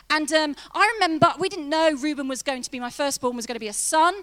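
A woman's voice: high-pitched, a bit bright. A woman in her thirties preaching a sermon, telling a personal story in a chatty, humorous way with emphatic build-ups.

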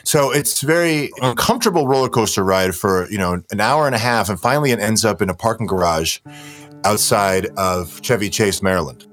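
A man's voice: on the low side, expressive, a little fast, a bit bright, faint music behind. A man telling an improvised comic story, rambling and playfully conspiratorial, often stopping and restarting mid-sentence.

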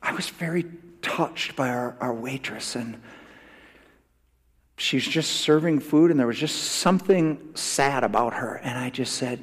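A male pastor preaching a sermon, shifting from hushed, near-whispered asides to loud, fervent declarations with repetitive, rousing phrasing. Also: medium pitch, measured pace. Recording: reverberant hall sound.

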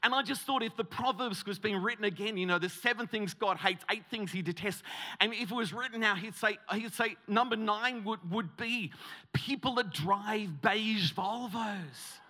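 A man's voice: high voice, normal speed, sharp tone. A man preaching a comic sermon story, self-mocking and full of restarts. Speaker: guest preacher.

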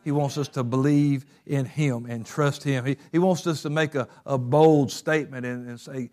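A male pastor preaching a sermon, talking casually and then building up to fervent, shouted stretches. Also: mid-range voice, normal speed, hardly any pauses.

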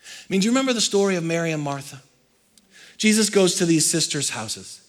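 A male pastor preaching a sermon in an animated, conversational way, swinging from loud to quiet. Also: on the high side, fairly quick.

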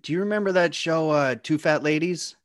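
A woman's voice: deep voice, brisk, dry recording. A woman co-hosting a casual podcast, chiming in with wry, dry jokes. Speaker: podcast co-host. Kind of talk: casual chat.

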